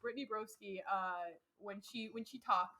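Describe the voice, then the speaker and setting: A woman's voice: medium pitch, steady tone, moderate pace, sharp tone. A young woman co-hosting a podcast in casual chat, agreeable, often chiming in with short replies. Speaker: podcast co-host.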